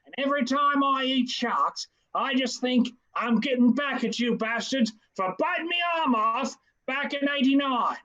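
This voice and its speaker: A man's voice: extremely high pitch, expressive, unhurried, hardly any pauses, pushed and bright, muffled recording, full character voice. A man playing a brash Australian taxi driver with a put-on Australian accent who rambles off topic. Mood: boastful. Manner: drifting off-topic boasts. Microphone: video call.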